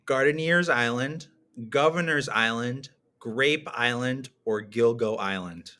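A man hosting a casual podcast quiz, calmly reading out lists of place names. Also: mid-range voice, slow. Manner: plain, steady, reads out lists. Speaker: podcast host running a quiz game.

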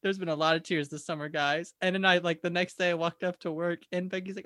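A woman's voice: lowish voice, fairly even intonation, fast talker, few pauses, fairly bright tone, no room sound, studio quality. Rambling woman podcast co-host. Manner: rambling storyteller, acts out quoted dialogue. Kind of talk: casual chat.

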